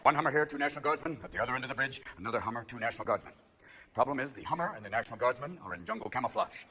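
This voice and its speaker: A man performing live stand-up comedy, manic and shouting, jumping between quick impressions. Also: medium pitch, animated, a crowd in the background. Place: theater stage. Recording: live theater with a laughing audience and noise.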